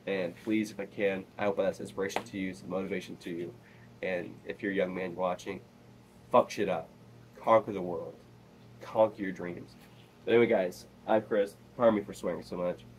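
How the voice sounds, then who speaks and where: A man vlogging in a casual, rambling monologue that is animated and full of swearing. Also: deep voice, normal speed, a little hiss or hum.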